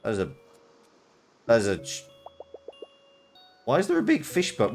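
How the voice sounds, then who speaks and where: A man's voice: mid-range voice, wildly swooping pitch, measured pace, gravelly, long pauses, darkish tone, soft background music. Rambling man playing a video game. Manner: rambling, thinking aloud with fillers. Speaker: streamer. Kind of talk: casual let's-play commentary.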